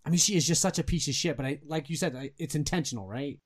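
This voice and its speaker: Animated, high-voiced young man ranting. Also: fast. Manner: animated, swears a lot, mocks characters in put-on voices. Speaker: podcast co-host. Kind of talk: casual chat.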